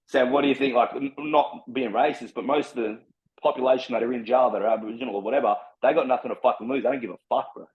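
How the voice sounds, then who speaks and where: A fast-talking Australian man tells his story as a podcast guest, blunt and loaded with slang and swearing. His pitch is medium and his intonation fairly even, and the recording's highs are cut off.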